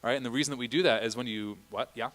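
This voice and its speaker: A man's voice: medium pitch, rapid-fire, fairly bright tone. A middle-aged man directing a choir rehearsal in a church, chatty, often singing vowel and Latin examples.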